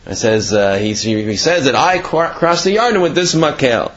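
A man's voice: medium pitch, expressive, normal speed, highs cut off. A man teaching a Torah class in a rambling, conversational way, full of fillers and restarts. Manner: rambling, conversational, with many fillers and Hebrew terms. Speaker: religious teacher.

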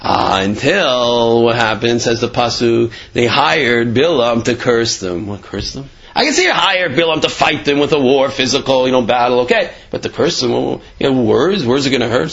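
A man's voice: medium pitch, animated, normal speed, vocal fry, few pauses, fairly bright tone, husky. A man giving a casual Torah talk, telling stories and asking rhetorical questions with many fillers. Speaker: Torah teacher. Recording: dull lo-fi sound.

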